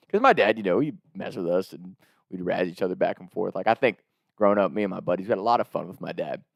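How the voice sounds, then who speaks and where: A young adult man telling a story in casual, animated fashion, often laughing as he talks. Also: low voice, no echo, clean studio sound. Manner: animated, laughing, fast-talking.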